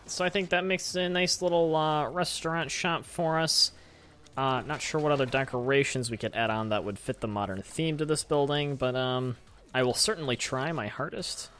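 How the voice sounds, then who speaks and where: A man's voice: fairly high pitch, fairly even intonation, moderate pace, fairly bright tone. A man hosting a let's play, talking through building a theme park with lots of fillers and self-corrections. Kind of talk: game commentary.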